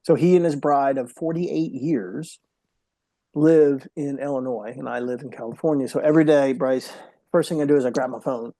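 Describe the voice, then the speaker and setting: Middle-aged male podcast guest; earnest, heartfelt storyteller with a warm, mellow tone, dry recording. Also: mid-range voice, moderate pace, no room sound. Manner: earnest, emotional storyteller, drops to a hushed voice at moments. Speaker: podcast guest, mental health speaker. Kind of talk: personal storytelling in an interview.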